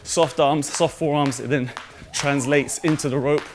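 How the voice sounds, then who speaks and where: Upbeat jump rope coach. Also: male voice, on the high side, fairly even intonation, a little slow, a little hiss or hum. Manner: upbeat, hyped, addresses viewers as guys. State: a little out of breath. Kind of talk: energetic fitness tutorial.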